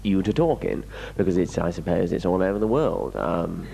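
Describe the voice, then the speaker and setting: A man's voice: deep voice, very animated, moderate pace, vocal fry, warm tone, slight background noise, low-quality recording. A young English man with an English accent, answering fan questions bluntly and candidly on a panel. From England. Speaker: guest actor. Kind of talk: fan convention Q&A.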